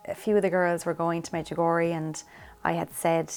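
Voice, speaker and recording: A woman's voice: fairly low pitch, level tone, fast talker, darkish tone. A woman giving a personal testimony in an interview, chatty and full of "like". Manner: chatty, peppered with "like", acts out quotes. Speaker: interviewee sharing faith testimony.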